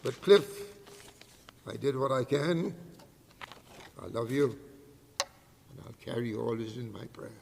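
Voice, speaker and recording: Gravelly man giving a halting eulogy. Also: mid-range voice, expressive, darkish tone. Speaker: memorial service speaker. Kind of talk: closing words of a eulogy. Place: funeral home service hall. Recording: reverberant hall with faint background noise.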